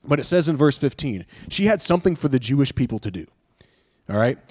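A man's voice: mid-range voice, lively intonation, fairly quick, darkish tone. A man preaching a sermon in an earnest, conversational way, often asking rhetorical questions and restarting his phrases. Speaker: pastor.

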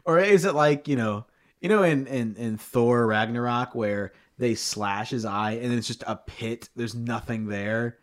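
A man's voice: medium pitch, measured pace. A man co-hosting a comedy podcast, joking playfully and laughing while reading and riffing on a story. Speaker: co-host.

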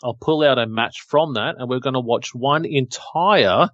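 A man's voice: medium pitch, normal speed, a bit bright, no room sound, muffled recording. A man co-hosting a podcast in casual, joking, rambling chat. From Australia. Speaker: podcast co-host.

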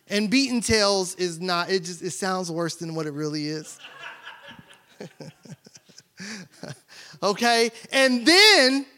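A man's voice: sits high, animated, slow pace, long pauses, bright, forceful tone. A middle-aged male pastor preaching a sermon, telling family stories and acting out their voices. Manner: storytelling, acts out family voices.

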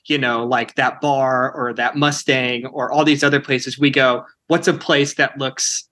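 Man, bright tense voice, from kansas, chatty interview guest, filler-heavy. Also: mid-range voice, flat delivery, unhurried. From Kansas, United States. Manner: chatty, full of "you know" and "like". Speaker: film director, guest. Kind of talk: interview answers.

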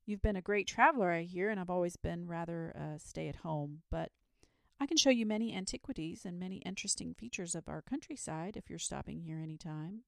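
A woman voicing a gentle, homebody dragon who speaks politely, nervously and with hesitations, in a storybook reading. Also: on the low side, fairly quick, creaky, dry recording, studio quality.

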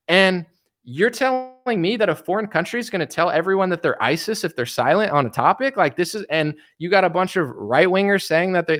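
A man talks in a loose, rambling rant, tripping over his words and starting sentences over. His voice sits a little higher than most men's. It sounds like an off-the-cuff stream. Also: a bit bright. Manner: rambling, repeats words, restarts often. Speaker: political commentary streamer. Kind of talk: casual rant to camera.

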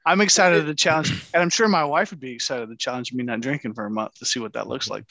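A married man co-hosting a casual podcast, eager and halting, tripping over his words as he pitches ideas. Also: gravelly, bright, forceful tone, dry recording. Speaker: podcast co-host. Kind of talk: casual chat.

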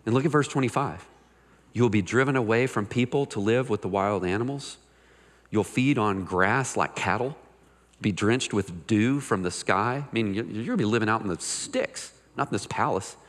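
A man preaching a sermon, animated and conversational, reading scripture aloud and adding jokes and asides. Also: lowish voice, moderate pace, big-room sound. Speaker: pastor.

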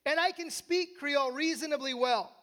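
An American preacher with a notably high voice, talking through a sermon in a casual, conversational way. The preacher often tags sentences with quick questions to the listeners and restarts phrases on the fly. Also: fairly bright tone. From United States. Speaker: pastor.

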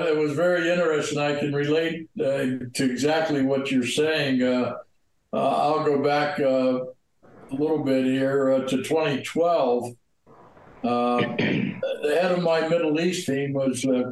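An older man, a guest in an interview, recounting past events steadily with many pauses. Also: on the high side, fairly even intonation. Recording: very echoey room with faint noise.

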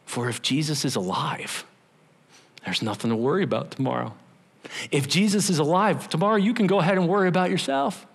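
A man's voice: on the high side, a little fast, creaky, husky. A middle-aged male pastor preaching a sermon, telling the story with acted-out voices and sudden drops to a whisper.

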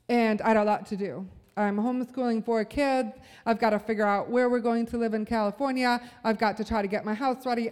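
A woman's voice: on the high side, a little mellow, smooth, in a large hall. A woman giving a sermon at a church service, telling a personal story and building to a fervent call to the room. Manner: earnest, storytelling, rising to fervent.

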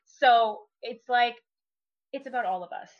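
A woman's voice: fairly high pitch, unhurried. A woman guest on a podcast in casual chat, telling her story animatedly and acting out her own quoted thoughts. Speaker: guest, brand strategist and coach. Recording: dull lo-fi sound.

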